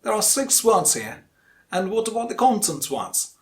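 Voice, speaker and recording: Slow, deliberate Indian English teacher. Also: male voice, high voice, big pitch swings. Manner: slow, deliberate, repeats key terms. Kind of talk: spoken lesson.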